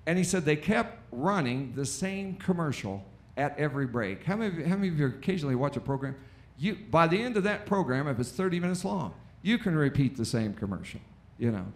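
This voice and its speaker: An American man preaching a lively sermon in a church, with call-and-response and acted-out quotes. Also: a little high, fast talker. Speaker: pastor. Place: church auditorium.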